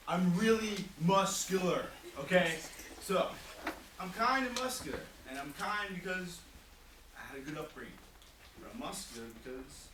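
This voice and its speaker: Teen boy, boastful comic monologue; very animated pitch, roomy distant hissy recording. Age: teens. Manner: goofy, boastful, shrieking girl impressions. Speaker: talent show performer. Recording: echoey room from far off, hissy noise.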